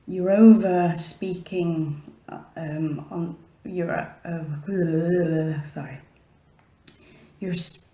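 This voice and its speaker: Her voice sits on the low side and sounds mellow as she chats casually to the camera at home in the early morning. Rambling along, the paranormal vlogger keeps slipping into whispers and interrupting herself, with echo in the room.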